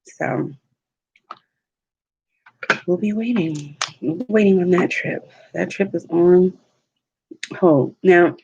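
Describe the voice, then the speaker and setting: A woman, a mother, telling stories in a relaxed, chatty way while eating on a livestream vlog. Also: lowish voice, gravelly, slightly rough, dull audio. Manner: slow, chatty storytelling with laughs. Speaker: mukbang vlogger. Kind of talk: casual chat while eating. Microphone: livestream mic.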